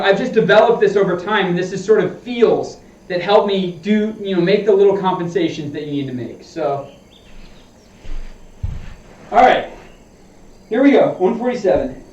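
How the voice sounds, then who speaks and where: A man's voice: high voice, darkish tone. Male golf streamer, casual and chatty, heard in an echoey home sim room with a dull tone. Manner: explains his swing feel to chat, talking to himself between shots. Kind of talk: casual live-stream chat while practicing. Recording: roomy dull sound, mic at a distance.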